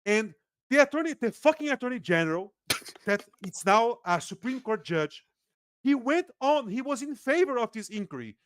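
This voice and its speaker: A man from Brazil with a Brazilian accent, a native Portuguese speaker, talking as a guest political analyst in a casual podcast interview, animated and quick to laugh, often restarting his sentences. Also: very high voice, dry recording, clean studio sound.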